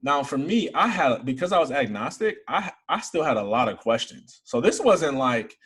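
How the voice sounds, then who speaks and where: A young man from Michigan, an interview guest, telling a personal faith story in earnest, building to excited emphasis. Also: mid-range voice, moderate pace, crowd noise.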